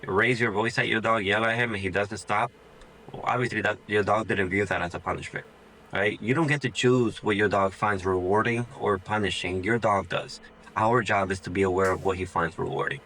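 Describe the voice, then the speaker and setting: A man's voice: lowish voice, fairly quick, pushed and bright, a little hiss or hum, rough recording. A man, a dog trainer, giving casual tips straight to the viewer, loose and chatty, often voicing what a dog would think. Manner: informal, says "dude" and "like" a lot, acts out the dog's thoughts. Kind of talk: casual instructional talk to camera.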